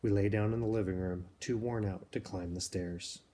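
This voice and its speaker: Low-voiced man reading a novel aloud. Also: fairly even intonation, mellow, a little hiss or hum. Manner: measured, plain, explanatory. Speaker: reader.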